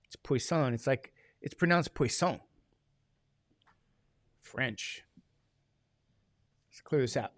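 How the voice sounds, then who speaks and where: A man's voice: mid-range voice, slow, pauses often, dry recording, studio quality. A man teaching a classroom lecture, chatty and digressive, asking the class questions as he goes.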